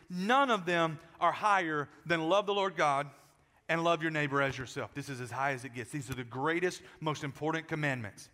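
A man preaching a sermon in a large church, animated and joking with the congregation, often repeating words as he restarts. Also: fairly high pitch, normal speed. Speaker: pastor. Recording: echoey hall.

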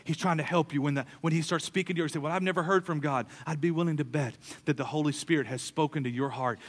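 A man preaching a sermon as a pastor, emphatic, swinging between soft, quiet stretches and loud, pressing lines. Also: on the high side. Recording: long hall reverb.

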